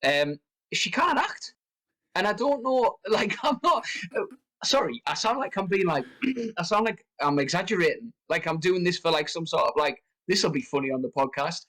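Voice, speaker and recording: A man co-hosting a film podcast, talking in a rambling, animated way that jumps up in pitch when he rants. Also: moderate pace, poor audio. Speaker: podcast co-host. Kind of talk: casual film discussion.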